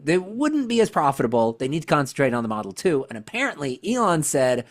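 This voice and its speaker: A podcast co-host in a casual chat, sarcastic and quick to laugh. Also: medium pitch. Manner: animated and sarcastic, laughs often.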